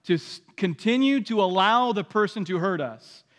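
A man's voice: sits high, animated, moderate pace, a bit bright, in a large hall. A man preaching a sermon in a conversational way, acting out the voices he quotes. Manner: conversational, acts out quoted voices, many restarts.

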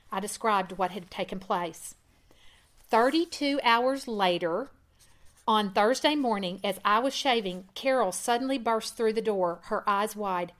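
A woman reading a first-person testimony aloud in an earnest way, growing louder at dramatic moments. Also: mid-range voice, moderate pace. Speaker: reader.

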